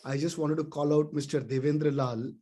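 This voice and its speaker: A man from the organizing side politely interrupting on a video call, halting as he speaks. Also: fairly high pitch, fairly even intonation, dark tone.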